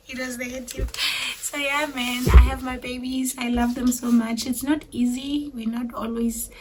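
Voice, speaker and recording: Hushed, chatty woman. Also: high voice, little pitch movement, takes it slowly, pauses often, noisy background. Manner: often drops to a hushed near-whisper; chatty, repeats herself, warm direct address to viewers. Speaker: vlogger and mother of three. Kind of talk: casual chat to camera.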